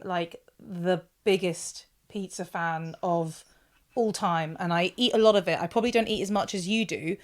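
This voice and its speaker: A woman hosting a podcast, asking chatty, enthusiastic questions in a casual interview. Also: medium pitch. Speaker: podcast host.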